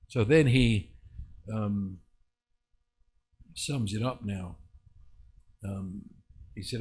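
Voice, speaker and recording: A man preaching in an online Bible teaching, earnest and unhurried, rising into emphatic bursts. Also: medium pitch.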